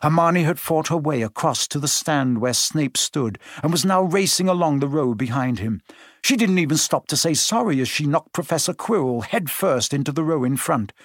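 A man narrating a story aloud, expressive and changing his pace as he reads. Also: a little high, normal speed, no echo, studio quality. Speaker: audiobook narrator. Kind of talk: scripted narration.

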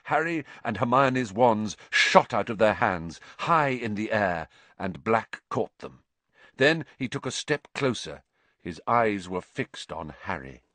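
A man narrating a fantasy novel as an audiobook in a slow, dramatic way. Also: on the low side, animated, bright, forceful tone, dry recording.

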